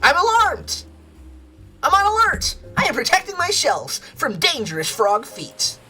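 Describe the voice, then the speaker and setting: A woman's voice: a little high, very animated, normal speed, sharp tone, husky, soft background music, exaggerated voice. A woman voicing a small, nervous game creature who jumpily guards his tiny shells and speaks in an alarmed, defensive way.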